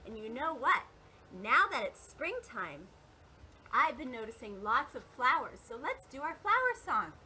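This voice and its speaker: A woman's voice: sits high, sing-song, unhurried, sharp tone, slight background noise. A woman teaching a playful yoga class for children and families, talking in a sing-song way, singing and making animal sounds. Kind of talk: playful kids' yoga instruction with songs and a story.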